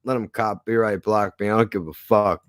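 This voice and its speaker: A man's voice: on the low side, fairly even intonation, moderate pace, no room sound. A man streaming live, ranting casually in a rambling, profane way with frequent restarts.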